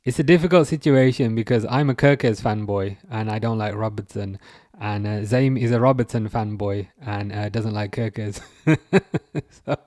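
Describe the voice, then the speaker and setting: A man hosting a casual live football watchalong, reading out chat, laughing often and tripping over his words when he gets excited. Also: on the low side, moderate pace, no echo, studio quality. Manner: excitable, laughing, stumbling restarts. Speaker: livestream host reading chat.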